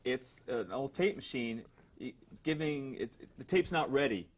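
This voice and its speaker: A man on a casual talk show panel, explaining things quickly. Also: mid-range voice, expressive.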